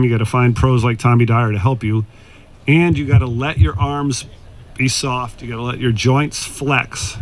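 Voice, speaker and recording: A former tour golfer, a man, giving putting advice in a casual, anecdotal storytelling way, speaking outdoors at a golf club. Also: mid-range voice. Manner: anecdotal, acts out quoted dialogue.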